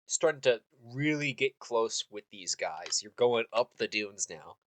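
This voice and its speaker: A man running a tabletop game as game master, loose and halting, with many fillers. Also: lowish voice, lively intonation, slight background noise.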